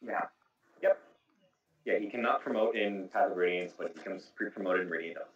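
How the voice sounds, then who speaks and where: Low-voiced man, echoey and distant. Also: brisk. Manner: explanatory, walks through game details at length. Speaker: podcast host. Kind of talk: casual podcast chat about video games. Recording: echoey room, distant mic.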